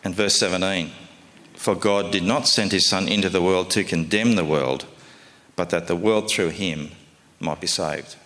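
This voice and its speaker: Deep-voiced man preaching. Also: normal speed, a bit bright, in a large hall. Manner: conversational, folksy preaching with rhetorical questions. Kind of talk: sermon.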